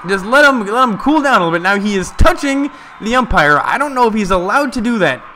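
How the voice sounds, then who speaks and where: A man giving casual, excited live play-by-play of a ball game from a stream, chatting to his viewers. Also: sits high, fairly quick, a little hiss or hum.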